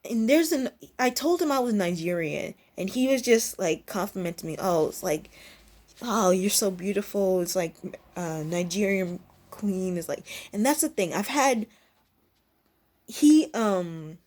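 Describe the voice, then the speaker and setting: A woman's voice: expressive, measured pace, a little mellow. A young woman vlogger telling a story in a casual, rambling way, restarting sentences and mimicking people. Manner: rambling, self-interrupting, mimics others in high squeaky bursts.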